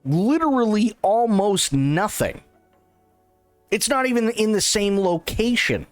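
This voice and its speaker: A man's voice: high voice, sing-song, unhurried, dry recording, faint music behind. A man hosting a livestream, giving casual reaction commentary, repeating himself and stumbling over restarts. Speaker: livestream host reacting to an interview.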